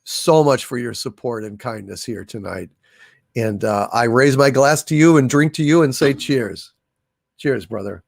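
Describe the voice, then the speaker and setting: A man hosting a livestream, slowly reading out viewers' messages and thanking them, with many fillers and restarts. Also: medium pitch, creaky, dry recording, studio quality. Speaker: livestream host reading super chats. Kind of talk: casual livestream chat.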